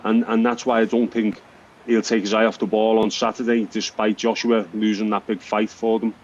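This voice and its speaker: A former boxer acting as a radio pundit, speaking in a halting, thoughtful way with many restarts. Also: male voice, on the low side, flat delivery, slight background noise. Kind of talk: radio sports chat. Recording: dull broadcast audio.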